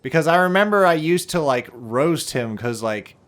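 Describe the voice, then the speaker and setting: A man's voice: fairly high pitch, normal speed. A man playing through a game on a let's play, chatting casually and telling stories with laughter. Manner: animated storytelling, laughs, mimics people. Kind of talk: casual gaming commentary.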